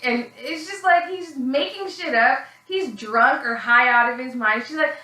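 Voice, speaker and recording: A woman's voice: animated, unhurried, few pauses, sharp tone. Blunt, sarcastic woman in an echoey room. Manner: blunt, sarcastic, swearing freely; acts out quoted voices in a high, shrill tone. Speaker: reality TV reviewer. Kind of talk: casual recap vlog.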